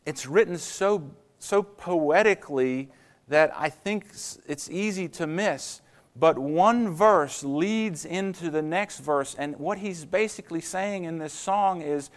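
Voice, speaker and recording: A man preaching a sermon as a pastor, earnest and storytelling, slowing down and speeding up for emphasis. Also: a little high. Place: church.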